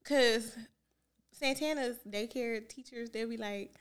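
High-voiced woman, relaxed and chatty. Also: clean tone. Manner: relaxed, chatty, quick to laugh. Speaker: podcast co-host. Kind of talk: casual chat.

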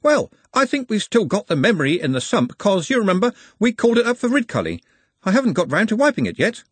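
Man doing a hoarse, high, chatty skeleton. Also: wildly swooping pitch, fast talker, no echo, full character voice. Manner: chatty, casual. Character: hoarse cheerful male skeleton servant.

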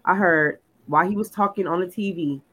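A woman telling a personal story in casual chat, animated and full of "like", acting out what people said. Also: lowish voice, brisk, husky, rough recording. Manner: animated storyteller, lots of "like", acts out quotes. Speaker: podcast co-host.

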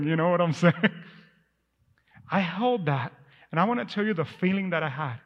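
A man preaching a sermon with a high voice, telling his story in a loose, conversational way. His voice carries a long reverb through a large church hall. The sound is muffled and dull. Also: normal speed. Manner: conversational, storytelling with asides and laughs. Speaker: pastor. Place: church sanctuary.

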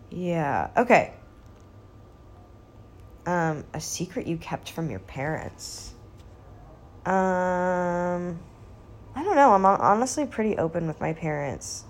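Low-voiced young woman with vocal fry. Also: animated, unhurried, pauses often. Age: 20s. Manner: rambling, laid-back, talks quietly. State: stoned. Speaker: vlogger. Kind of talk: casual chat.

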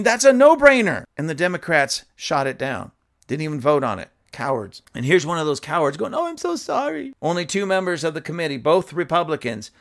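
A political commentator with a fairly high, fairly bright voice reads news aloud and gives opinionated commentary. He scolds emphatically, with fillers and restarts along the way.

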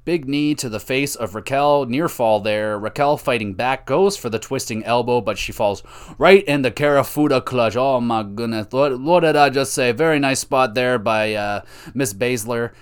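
A man's voice: mid-range voice, normal speed, clear, resonant tone. A man talks through a wrestling recap on his own podcast in a loose, chatty way. He swears freely, cheers on the wrestlers he likes and keeps the play-by-play casual.

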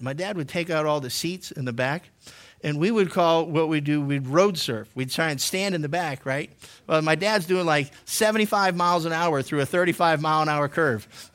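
A man's voice: on the high side, a bit bright. A male pastor from Massachusetts teaching a sermon in a chatty, joking storytelling way, full of restarts and asides. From Massachusetts, USA. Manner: jokey, conversational storytelling with many restarts.

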